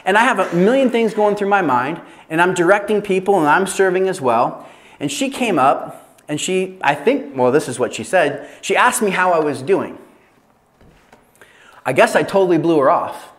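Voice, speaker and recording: A man with a high-pitched voice preaches at a training session, telling stories in an animated, chatty way. He laughs along with his own asides and pokes fun at himself. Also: normal speed. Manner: animated storytelling with laughter and self-deprecating asides. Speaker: pastor. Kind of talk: sermon at an evangelism training.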